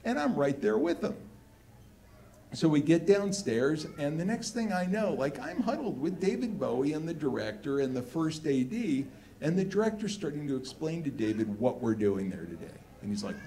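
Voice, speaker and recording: Animated guy from LA telling a story on stage, says like a lot, gets worked up. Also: medium pitch, normal speed. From Los Angeles, United States. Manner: animated, excitable, heavy use of "like". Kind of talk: live comedic storytelling.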